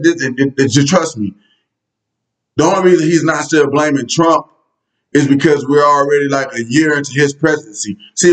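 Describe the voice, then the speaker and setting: A political commentary vlogger rants casually and conversationally, speaking straight to his viewers with blunt, profane sarcasm. His voice is a little high, and the recording is rough.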